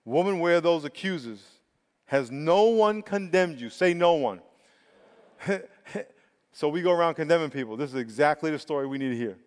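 Guy preaching a sermon, kinda high voice, big hall reverb, leans hard on words. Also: lively intonation. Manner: emphatic preaching with drawn-out stresses and repetitions. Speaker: pastor. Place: church sanctuary. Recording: long reverb of a large hall.

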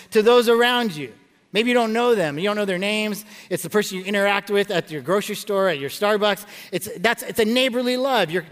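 A middle-aged man preaching a sermon as pastor, telling stories and jokes in an animated way, often stumbling and restarting his words. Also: sits high. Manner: animated storytelling with frequent stammered restarts and jokes. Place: large church auditorium. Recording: long reverb of a large hall.

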